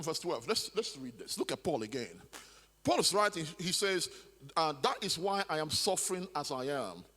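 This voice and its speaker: A man with a slightly high, somewhat bright voice preaches as pastor in a large church hall, where the long reverb lingers. He repeats himself for emphasis and stammers into restarts.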